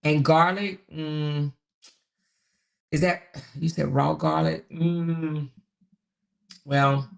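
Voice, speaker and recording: A woman's voice: low-pitched, steady tone, drawn-out words, gravelly, pauses often. A woman hosting a casual livestream, reading viewer comments aloud in a chatty way, repeating herself and laughing often. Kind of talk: casual live chat.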